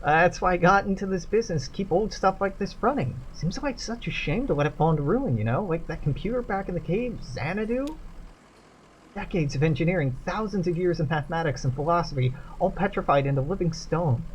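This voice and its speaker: A man's voice: sits high, animated, a little fast, lo-fi sound, slight background noise. A man reading the lines of a wistful middle-aged truck driver who loves old electronics, in a video game let's play. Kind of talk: reading game dialogue aloud.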